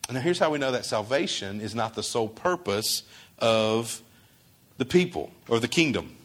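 A man's voice: medium pitch, expressive, normal speed. A male pastor preaching a sermon in a conversational way, asking his congregation questions and acting out quoted dialogue.

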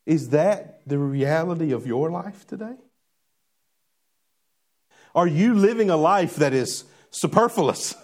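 A man preaching a sermon to a church congregation, animated and questioning, drawing responses from the crowd. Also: a little high, slow, long pauses. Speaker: pastor. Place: church before a live congregation.

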